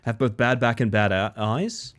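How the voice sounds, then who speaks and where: A young man from Australia, a streamer talking casually with his chat, animated and swearing freely. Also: medium pitch, moderate pace.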